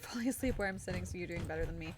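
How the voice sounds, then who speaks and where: A woman's voice: on the low side, very fast, slight background noise. A young woman streamer chatting casually with her viewers, giggly and a bit tired. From United States. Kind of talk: casual live-stream chat.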